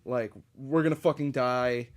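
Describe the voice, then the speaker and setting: A man hosts a podcast and spins long personal stories in a casual, meandering way. He swears freely and leans on plenty of ums and uhs. His voice sits at an ordinary middle pitch. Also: steady tone, measured pace. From Connecticut. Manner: profane, rambling, with frequent fillers and laughs. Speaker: podcast host. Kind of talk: casual storytelling monologue.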